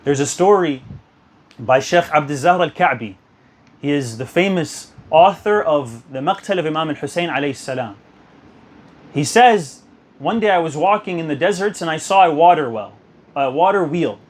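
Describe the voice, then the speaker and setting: A young man giving an earnest sermon to a youth gathering, telling stories and urging listeners. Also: on the high side. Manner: earnest, exhortative, storytelling. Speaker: youth speaker.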